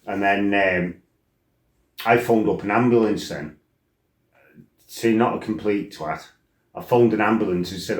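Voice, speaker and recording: Low-voiced man telling blunt stories. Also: normal speed, reverberant. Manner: blunt, sweary, rambling. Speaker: storyteller. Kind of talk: casual storytelling.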